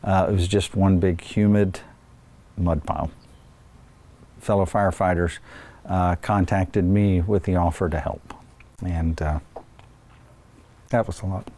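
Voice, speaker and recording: A man, a fire battalion chief, speaking in an interview, halting and full of pauses. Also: deep voice, steady tone, dark tone. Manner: halting, with many pauses and fillers.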